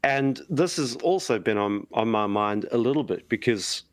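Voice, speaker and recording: A man's voice: mid-range voice, lively intonation, moderate pace, no echo. A man, a preacher, chatting casually and thinking aloud with frequent restarts and self-deprecation. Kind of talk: casual podcast chat.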